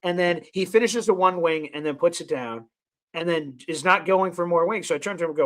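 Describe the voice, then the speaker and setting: A man's voice: animated, fairly quick. A man hosting a sports talk show, telling an exasperated story in casual banter. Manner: exasperated, swings from low mutters to loud outbursts. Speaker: host.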